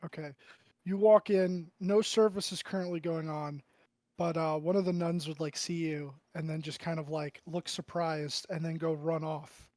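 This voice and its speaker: A man running a tabletop game as game master, narrating with many pauses and throat-clearing. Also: on the high side, steady tone, darkish tone, no room sound. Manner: halting, full of ums and throat-clearing.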